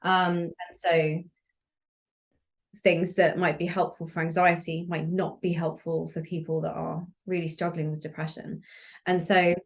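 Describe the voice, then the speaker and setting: Woman guest, somatic practitioner, low voice, calm gentle delivery. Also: measured pace. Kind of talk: relaxed podcast conversation.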